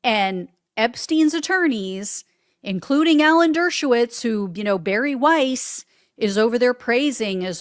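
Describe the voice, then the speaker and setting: A woman with a slightly high voice hosts a political commentary show on her own. She reads news quotes aloud and answers them with sarcastic remarks, close to the mic in a dry, dead room. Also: expressive, measured pace, dry recording.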